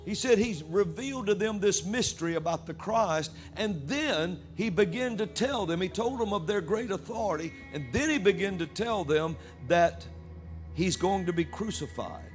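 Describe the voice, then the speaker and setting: A man preaching a sermon at a church service, reading scripture aloud with animated delivery. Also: high-pitched, moderate pace, soft background music.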